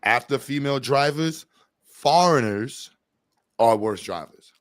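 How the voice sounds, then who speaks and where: A man's voice: medium pitch, animated, measured pace, no room sound. A man hosting a casual livestream chat, talking bluntly and rambling with jokes. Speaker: host.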